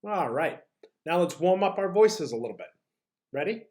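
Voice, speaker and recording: Cheerful teacher voice, mid pitch, running warm-ups and tongue twisters, keeps asking "ok?". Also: animated, normal speed. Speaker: drama and language teacher. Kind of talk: online enrichment lesson.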